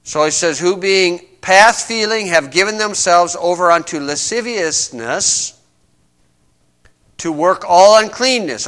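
A man preaching a conversational sermon, stressing points and reading scripture slowly. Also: high voice, bright, forceful tone. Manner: conversational, emphatic, reads scripture aloud slowly.

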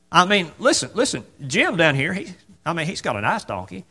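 A man's voice: a little high, wildly swooping pitch, fairly quick, sharp tone. A man preaching a sermon in a church, conversational and full of rhetorical questions, acting out the voices of the people in the story.

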